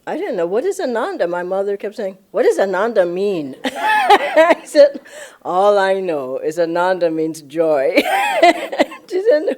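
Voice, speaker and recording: An older woman tells a personal story at a spiritual gathering. Her pitch rises and falls with animation as she reenacts her own surprise. She talks with bubbling enthusiasm and laughs often. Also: wildly swooping pitch, measured pace, darkish tone. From Los Angeles, USA. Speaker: spiritual director giving a satsang talk.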